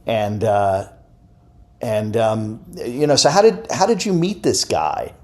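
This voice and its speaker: A man hosting a podcast interview, asking questions in a halting but enthusiastic way. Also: fairly low pitch, lively intonation. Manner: halting, enthusiastic, with many fillers. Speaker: podcast host. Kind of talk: conversational interview.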